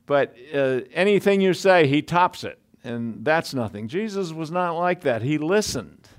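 A man's voice: on the high side, lively intonation, a little slow. A man preaching a sermon in a conversational way, full of asides and restarts.

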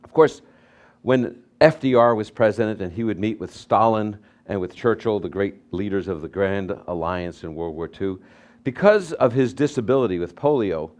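A pastor preaching a sermon, telling stories with lively swings between loud emphasis and soft asides. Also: male voice, fairly low pitch, normal speed.

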